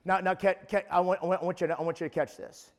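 A man's voice: sits high, steady tone, quick pace. A man preaching a sermon as pastor, emphatic, often restarting and repeating his words.

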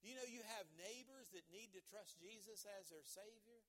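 A male pastor preaching a sermon, swinging from bursts of shouting to hushed, low asides. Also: moderate pace.

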